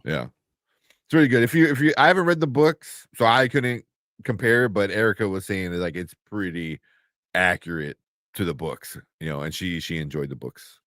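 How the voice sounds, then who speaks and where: A man's voice: low-pitched, moderate pace, fairly bright tone, no room sound, studio quality. A man co-hosting a live entertainment news show, chatting casually and laughing as he reads out viewer comments. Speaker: podcast co-host. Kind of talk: casual chat.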